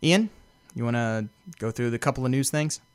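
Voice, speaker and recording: A man's voice: medium pitch, moderate pace, smooth, no room sound. A man co-hosting a casual podcast, blunt and dismissive, often stammering as he restarts his sentences. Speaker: podcast co-host.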